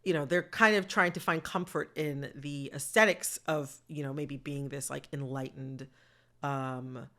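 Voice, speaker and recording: A woman hosting a public radio interview podcast, upbeat and quick to laugh. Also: low-pitched. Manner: lively, laughs often. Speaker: podcast host.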